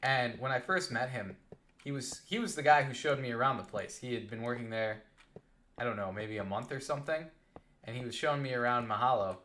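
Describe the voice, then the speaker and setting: A young adult man telling a rambling, animated story while playing a game on a live stream. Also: mid-range voice, a little fast.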